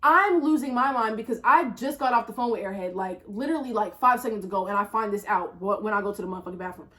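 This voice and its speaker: A woman telling a personal story in a casual storytime vlog, slangy and profane, swinging from low muttering to loud exclamations. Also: lively intonation, fast. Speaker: storyteller vlogger.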